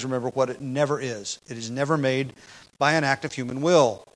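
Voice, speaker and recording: Man, fairly high voice, preacher, expository sermon, measured teaching pace, turns loud and emphatic on key points. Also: low-quality recording. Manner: rises to loud emphatic delivery when quoting scripture.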